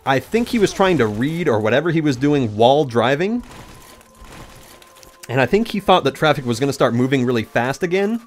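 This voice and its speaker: With soft music in the background, a young gaming YouTuber talks a little fast at medium pitch. His let's play commentary mixes in a rambling personal story, and he animatedly talks back to the game in the middle of it.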